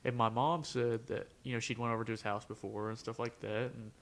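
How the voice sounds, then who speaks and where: A man's voice: mid-range voice, little pitch movement, a little fast. A young man on a podcast, telling a long story in casual chat and acting out the quotes, dropping "bro" and "dude" often. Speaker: podcast co-host.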